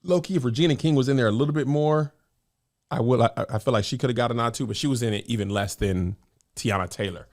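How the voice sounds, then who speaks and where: A man co-hosting a podcast, retelling a film in a lively chatty way and acting out quotes. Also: mid-range voice, quick pace. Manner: animated storyteller, acts out quotes. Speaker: podcast co-host. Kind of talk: casual chat.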